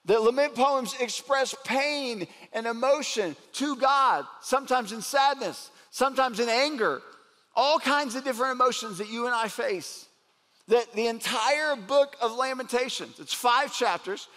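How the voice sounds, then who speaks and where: A man preaching a sermon as a pastor, earnest and slowing down to stress points. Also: very high-pitched, bright, forceful tone, in a large hall. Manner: earnest preaching, slows down for emphasis.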